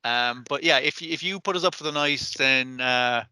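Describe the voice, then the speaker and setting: Male podcast co-host, sharp bright voice, dry close mic, swears freely while acting out scenes. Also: mid-range voice, normal speed, clear, resonant tone, dry recording. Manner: profane, animated, acts out characters' lines. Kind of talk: casual anime podcast chat.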